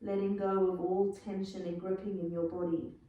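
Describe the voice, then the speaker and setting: Calm South African woman in echoey room. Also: mid-range voice, moderate pace, far from the mic, muffled recording. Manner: calm, encouraging cues with soft asides. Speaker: yoga instructor. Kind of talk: guided yoga class instruction.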